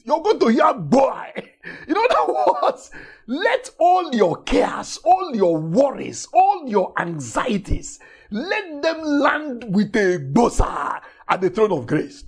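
Husky preacher with lively pitch. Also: male voice. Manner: emphatic, repetitive, swings from shouting to soft intimate tones. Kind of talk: sermon.

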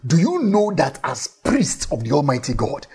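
A man's voice: a little high, huge pitch swings, moderate pace, a little mellow, husky. A man preaching a sermon in an emphatic way, repeating key phrases for effect and telling Bible stories with animation.

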